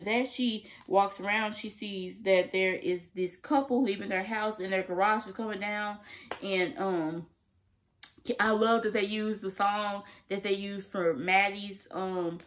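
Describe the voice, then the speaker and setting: Chatty young woman recapping a show. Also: medium pitch. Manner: animated, emphatic, slangy and laughing. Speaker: TV episode reviewer. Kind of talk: casual recap chat to camera.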